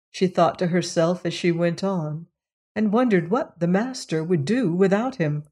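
A female audiobook narrator reads a novel aloud in scripted narration. Her storytelling is measured and even, and her voice is lowish.

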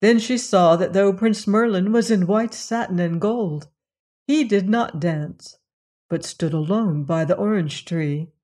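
A woman storyteller hosting a show, reading a fairy tale in a calm, measured way. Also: medium pitch. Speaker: storyteller host.

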